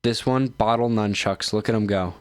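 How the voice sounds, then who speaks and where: A man's voice: lowish voice, fairly even intonation, normal speed, clean tone. A man hosting his own streaming show, reacting to videos in loose, joking, self-mocking chat while sounding tired and yawning. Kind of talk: casual rambling commentary.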